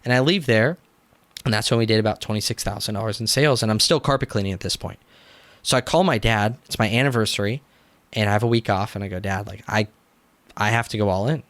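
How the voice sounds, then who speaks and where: A young man, a business coach, telling his story in a casual interview, animated, acting out quotes and using "like" often. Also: fairly low pitch, fast, no echo. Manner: animated, acts out quotes, frequent "like" fillers.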